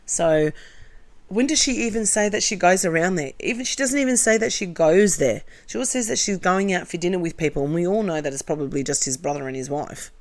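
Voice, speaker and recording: A woman with a somewhat low voice talks close to the mic in a casual commentary video. She reads viewer comments aloud one after another and answers each with blunt, opinionated remarks and chatty asides. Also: fairly quick. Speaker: commentary channel host.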